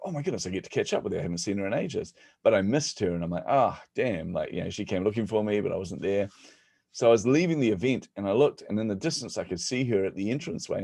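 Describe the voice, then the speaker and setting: Deep-voiced New man telling stories. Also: no echo, clean studio sound. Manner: animated, jokey, laughs at own stories. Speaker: guest speaker. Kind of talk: storytelling in conversation.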